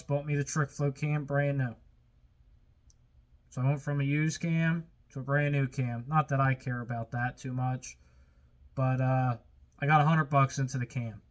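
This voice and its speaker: A man's voice: fairly high pitch, a bit bright. A man hosting his own car-building videos, talking casually to viewers in a plain-spoken way that gets a little worked up. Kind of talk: casual workshop talk to viewers.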